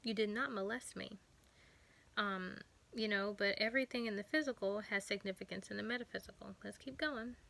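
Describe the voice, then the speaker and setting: A woman vlogger giving a personal testimony, talking earnestly with frequent pauses and fillers. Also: medium pitch, gravelly, pushed and bright. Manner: halting, earnest, many fillers.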